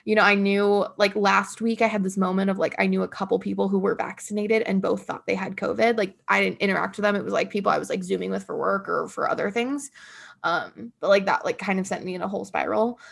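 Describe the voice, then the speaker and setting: A woman's voice: medium pitch, steady tone, fast, gravelly. A young woman in her twenties, casually chatting and laughing often, talking in a self-deprecating way with many fillers. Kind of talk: casual chat.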